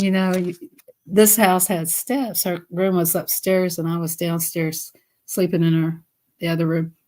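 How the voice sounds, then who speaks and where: A woman telling casual stories on a live stream, chatty and laughing often as she acts out voices. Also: lowish voice. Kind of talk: casual storytelling.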